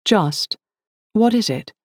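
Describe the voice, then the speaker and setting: A woman voicing a brisk middle-aged woman lawyer with a put-on aristocratic English accent, talking in a clipped, distracted way. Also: mid-range voice, lively intonation, breathy edge, dry recording, studio quality, voice pushed up, heavily acted. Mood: brusque.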